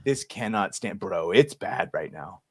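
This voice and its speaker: A man hosting a casual live podcast chat, joking and playful, swinging between loud and soft. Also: sits low, expressive, measured pace, slightly rough, no room sound, clean studio sound. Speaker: podcast host.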